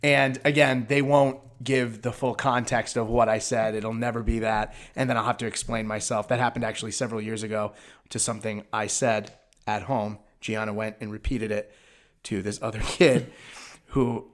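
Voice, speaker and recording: A man's voice: on the low side, moderate pace. Easygoing man in casual chat. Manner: laughs easily, relaxed and conversational. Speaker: podcast co-host.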